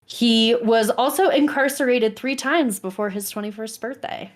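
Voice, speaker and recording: A woman co-hosting a podcast who tells the story in casual chat, explaining her research in a measured way. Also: on the high side. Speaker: podcast co-host presenting the story.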